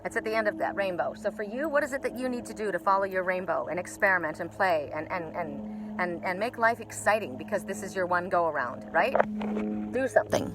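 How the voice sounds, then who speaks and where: A woman's voice: lowish voice, brisk, over music. A woman doing a live oracle card reading outdoors by a lake, chatty and blunt, swearing casually.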